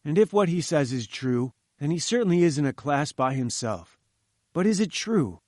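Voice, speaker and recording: A man's voice: fairly high pitch, big pitch swings, moderate pace, darkish tone, no echo, studio quality. A man voicing a polite, earnest male engineer in an audiobook reading.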